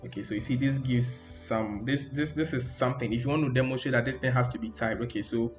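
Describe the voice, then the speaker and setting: A man's voice: mid-range voice, steady tone, fast talker, faint music behind. Roomy man teaching a coding tutorial. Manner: loose, repetitive, frequent "okay, so". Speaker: coding instructor. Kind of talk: screen-recorded coding tutorial. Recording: roomy echo.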